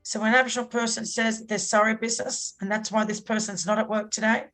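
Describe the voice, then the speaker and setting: A woman's voice: fairly high pitch, level tone, quick pace, a bit bright, soft background music, poor audio. A middle-aged Australian woman, a podcast guest speaking earnestly and with heartfelt emphasis. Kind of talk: podcast interview.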